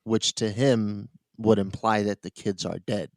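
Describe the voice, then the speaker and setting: Man, podcast co-host, casual chat, rambling, laughs a lot, lowish voice, dry close sound. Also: steady tone, unhurried, dry recording, poor audio. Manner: rambling, laughs at own points.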